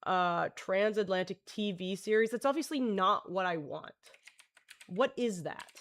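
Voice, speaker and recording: A woman's voice: mid-range voice, a little slow. A woman live streamer chatting with her viewers in a rambling, jokey way, often breaking off and restarting her sentences. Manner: jokey, scattered, full of restarts and self-interruptions.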